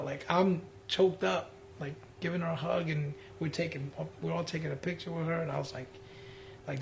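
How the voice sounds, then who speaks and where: Male podcast host, fairly high voice, reflective and measured, faint background hiss. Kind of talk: casual interview.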